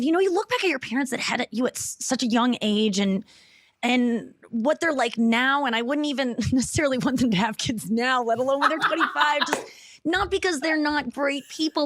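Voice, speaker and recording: A woman speaking candidly as a guest, reflective and halting, often restarting her sentences. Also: on the high side, a bit bright, no echo. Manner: reflective, halting, self-correcting. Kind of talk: candid personal talk.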